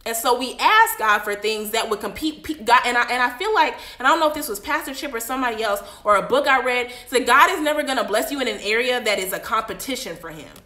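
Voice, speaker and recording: A woman teaching a casual Bible study on a livestream, preaching in a chatty, animated way with frequent asides. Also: fairly high pitch, quick pace, hardly any pauses, echoey room.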